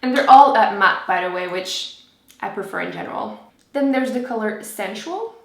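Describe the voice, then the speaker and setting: A woman's voice: mid-range voice, expressive, normal speed, vocal fry, roomy sound. A young woman chatting enthusiastically through a makeup review, with lots of fillers and asides. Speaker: beauty vlogger. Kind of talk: casual product review.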